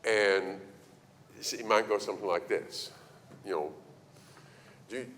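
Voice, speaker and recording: A man's voice: lowish voice, a little slow. A middle-aged man preaching a sermon on parenting, telling stories and acting out the voices in them. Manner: animated storytelling, acting out quoted voices. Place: church hall. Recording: reverberant hall, faint ambience.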